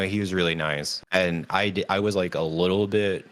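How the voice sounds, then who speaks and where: A man's voice: low-pitched, moderate pace, few pauses. A man co-hosting a podcast, telling a story in casual chat and acting out other people's lines. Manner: animated storytelling, acts out quotes in a raised voice. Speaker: podcast co-host.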